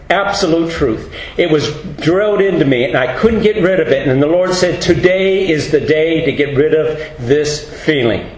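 A middle-aged man preaching a storytelling sermon as a pastor, folksy and earnest, acting out the voices he quotes. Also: on the high side. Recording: roomy hall with faint ambience.

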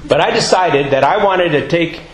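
A man's voice: on the high side, moderate pace, a little hiss or hum. Chatty man preaching in an echoey church. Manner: chatty, rambling, lots of uh fillers. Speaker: guest preacher. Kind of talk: sermon.

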